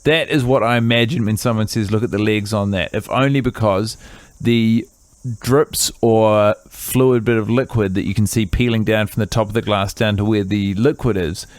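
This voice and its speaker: A man co-hosting a comedy podcast, rambling in a dry, deadpan way. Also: lowish voice, moderate pace, dry recording. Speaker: podcast co-host.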